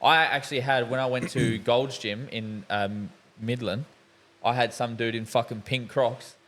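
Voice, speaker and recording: A man's voice: mid-range voice, steady tone, unhurried, a bit bright. A young man, hosting a podcast and telling rambling, sweary stories in casual chat. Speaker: podcast host.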